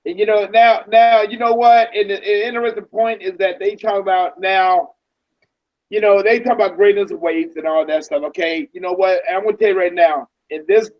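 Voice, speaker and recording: High-voiced man on muffled audio. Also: fairly even intonation, normal speed. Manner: agreeable, chimes in, then holds forth. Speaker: co-host. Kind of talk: casual gaming chat.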